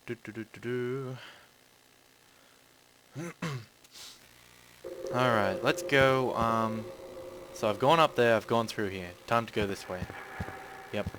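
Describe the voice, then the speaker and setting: At medium pitch and a slow pace broken by long pauses, a gaming channel host chats through a horror game, cursing frequently. Sudden scares make him yell out loudly, and background noise is clearly present in this casual let's-play.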